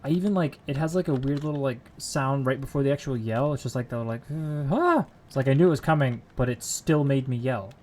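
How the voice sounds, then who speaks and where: A man's voice: medium pitch, quick pace, few pauses, mellow, slight background noise. A man on a casual live stream, muttering code aloud to himself while he works and chatting with viewers from a home computer room.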